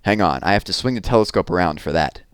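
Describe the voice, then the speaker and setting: A man voicing a kindly adult stargazer in a storybook, patient and gently amused as he explains. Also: low voice, expressive, fast talker, clear, resonant tone, no room sound, studio quality. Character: kindly grown man with a telescope.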